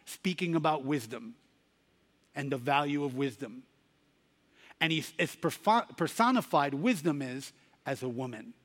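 A man's voice: mid-range voice, expressive, measured pace, long pauses, a bit bright, long reverb tail. A man preaching a sermon, telling a story and rising to emphatic Bible readings.

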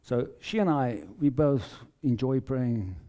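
A South African man shares a faith testimony in a deep, very mellow tone. He speaks earnestly and haltingly, often repeating words as he feels his way through the story. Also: expressive. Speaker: lay preacher giving testimony. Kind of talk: personal testimony in a sermon.

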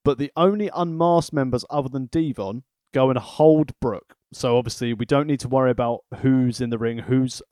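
A man's voice: medium pitch, normal speed, hardly any pauses, dark tone, smooth, dry recording, studio quality. A man hosting a podcast, giving a sweary, analytical recap in casual chat. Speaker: podcast host.

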